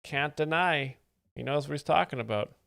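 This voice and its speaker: A man's voice: fairly high pitch, moderate pace, creaky, a bit bright, no echo, studio quality. A man hosting a live stream, giving wry, chatty commentary on clips. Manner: wry, chatty, amused asides. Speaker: host explaining jokes. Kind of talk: casual reaction commentary.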